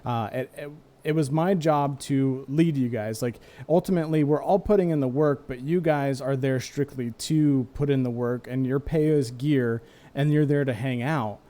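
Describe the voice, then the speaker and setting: A man's voice: medium pitch, normal speed, mellow. A man in his thirties, host of a streamed gaming talk show, talking candidly and rambling about old raid nights. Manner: candid, rambling, self-mocking, laughs easily. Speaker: podcast host and former raid leader.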